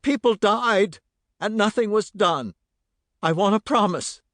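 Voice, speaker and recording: A man's voice: a little high, animated, slow, fairly bright tone, dry recording, studio quality, pitched above the performer's own voice. An actor voicing a frightened older male scientist who speaks in a trembling, childlike voice. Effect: faint from inside a building.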